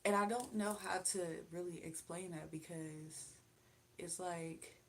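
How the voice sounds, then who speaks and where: A young woman talking loosely and directly to her viewers on a livestream from home, drifting from one thought to the next. Her voice sits a little low and carries a tired edge. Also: fairly even intonation, measured pace, a bit bright, a little hiss or hum. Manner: chatty and rambling, addresses viewers directly. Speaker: livestream host. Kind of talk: casual chat. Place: indoors at home.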